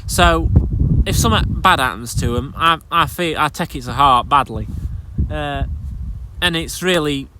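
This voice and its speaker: Exasperated farmer over loud noise. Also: male voice, on the high side, measured pace. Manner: exasperated, blunt, repeats and restarts himself. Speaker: dairy farmer. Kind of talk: angry vlog rant to camera.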